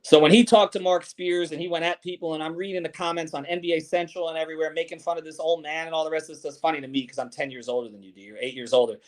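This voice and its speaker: Blunt, profane sports podcast host. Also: male voice, on the high side, fairly even intonation. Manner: blunt, profane, fast storytelling. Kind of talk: postgame show chat.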